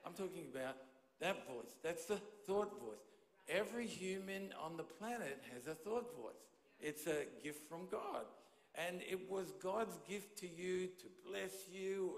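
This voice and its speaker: A man preaching to a church congregation, his somewhat high voice carried by a handheld microphone. He talks in a conversational way and keeps checking in with his listeners. The sound rings around a large, reverberant hall. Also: unhurried. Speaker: pastor. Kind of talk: sermon. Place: church auditorium. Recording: echoey hall with long reverb.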